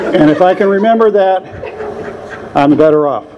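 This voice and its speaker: A man's voice: high-pitched, a little mellow, slight background noise. An older man telling a rambling, self-deprecating personal story at a meeting, chuckling often. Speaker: meeting speaker. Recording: dull lo-fi room recording.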